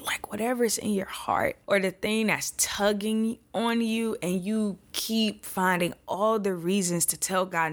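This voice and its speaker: A woman hosting a faith podcast, talking casually and with deep feeling, speaking straight to her listeners and often near tears. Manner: casual and heartfelt, talks straight to listeners as "y'all". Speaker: podcast host. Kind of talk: faith encouragement podcast talk.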